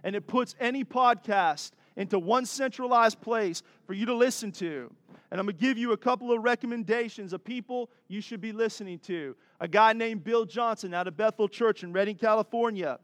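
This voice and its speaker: A pastor preaches earnestly and exhortingly in a voice fairly high for a man, brisk and a bit bright, with no echo. Now and then he laughs through a light aside before pressing his point again.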